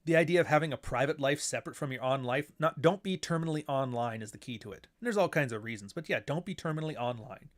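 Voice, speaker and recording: A man's voice: medium pitch, quick pace, hardly any pauses. A man hosting his own show in a casual monologue, blunt and profane, who now and then mocks others in put-on voices. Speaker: show host.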